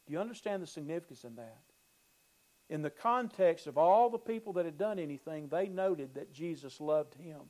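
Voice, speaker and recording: A man's voice: on the high side, animated, normal speed, a little mellow, low-quality recording. A male pastor preaching a sermon, emphatic, repeating phrases and building emphasis.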